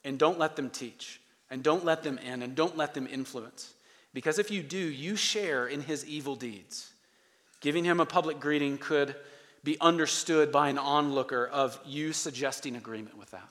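Higher-voiced man preaching in a hall. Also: moderate pace, a bit bright. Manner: conversational, emphatic preaching with repeated phrases. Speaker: pastor. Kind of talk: sermon. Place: church sanctuary. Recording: long reverb of a large hall.

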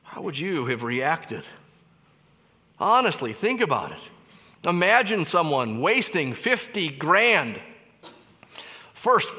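A man delivers a sermon in a church sanctuary, his voice bright and a touch higher than most men's. He swings from loud, emphatic lines to hushed, low phrases. The sound carries a long hall reverb. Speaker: pastor.

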